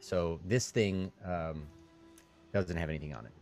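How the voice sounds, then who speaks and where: A man running a tabletop game as game master, halting, with many fillers and restarts. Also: low voice, a little mellow, faint music behind.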